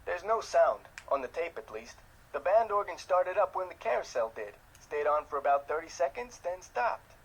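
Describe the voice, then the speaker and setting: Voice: medium pitch, sing-song, moderate pace, hardly any pauses, husky, low-quality recording. An actor voicing an easygoing young security guard at an amusement park in a mystery game.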